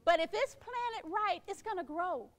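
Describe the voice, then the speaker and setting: A middle-aged woman delivers a motivational keynote in a strikingly high voice. She is encouraging and playful, slipping into small quoted voices to make her points. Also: lively intonation, unhurried. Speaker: keynote speaker.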